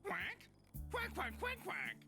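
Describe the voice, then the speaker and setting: A man voicing a mischievous duck man in a tub who answers only in quacks that leap up and down in pitch. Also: slow pace, faint music behind, full character voice. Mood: quacking. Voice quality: quacks only, lively squeaky pitch leaps.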